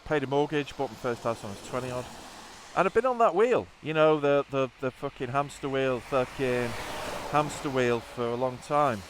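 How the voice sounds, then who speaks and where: A man's voice: medium pitch, a little hiss or hum. Sweary sardonic Englishman in his fifties. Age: 50s. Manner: sweary, sardonic, wandering asides. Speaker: motorcycle vlogger. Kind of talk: rambling spoken vlog. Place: outdoors on a motorbike trip in rain.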